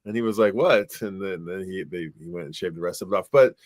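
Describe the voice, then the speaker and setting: A middle-aged man co-hosting a podcast, telling stories in a rambling, animated way with lots of fillers. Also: low voice, fast talker, no echo, clean studio sound. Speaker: podcast co-host. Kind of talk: casual chat.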